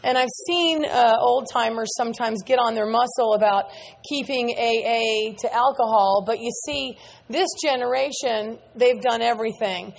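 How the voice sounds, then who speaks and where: A woman's voice: fairly high pitch, measured pace, gravelly, slight background noise. A middle-aged woman giving a candid, earnest testimony talk to a large meeting audience, repeating words for emphasis. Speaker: speaker at a recovery meeting.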